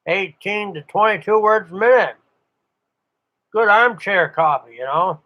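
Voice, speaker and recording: A man's voice: high-pitched, unhurried, muffled recording. An older man, a ham radio operator, telling rambling stories in a casual chat with frequent chuckles. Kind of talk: casual monologue.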